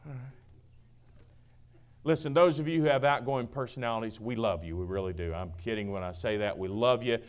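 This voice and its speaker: Preacher with big swings in volume. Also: male voice, a little fast, clean tone. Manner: swings from booming to hushed, acts out quotes. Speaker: pastor. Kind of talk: sermon.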